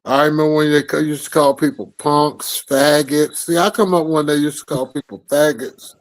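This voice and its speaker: A high-pitched man, co-hosting a morning talk show. He talks loud and profane and needles his co-host. His voice sits well above the usual male range. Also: steady tone, normal speed, poor audio. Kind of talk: casual banter.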